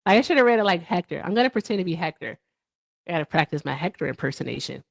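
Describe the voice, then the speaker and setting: A woman's voice: low-pitched, fast talker, vocal fry, no room sound, studio quality. A woman hosting a casual livestream, chatting with guests and viewers, laughing often and trailing off. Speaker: livestream host.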